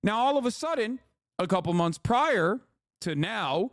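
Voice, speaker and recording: A man's voice: high-pitched, big pitch swings, a little slow, no room sound, studio quality. A man in his thirties, a streamer giving casual, profane, exasperated commentary on news.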